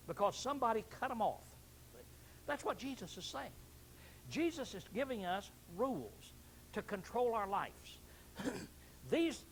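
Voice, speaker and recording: A male pastor preaching a sermon, animated, acting out angry outbursts and often clearing his throat. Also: high-pitched, a little hiss or hum, poor audio.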